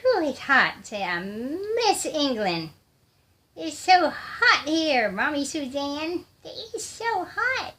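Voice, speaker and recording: A woman voicing a little baby girl who complains about the heat in a high, babyish voice. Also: very animated, slow, pushed and bright, exaggerated voice. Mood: whiny.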